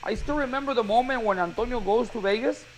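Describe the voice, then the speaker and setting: A boxing coach telling a story in casual chat, acting out the quotes with energy. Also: male voice, very high-pitched, fast, a little hiss or hum, rough recording. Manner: animated storyteller, acts out quotes.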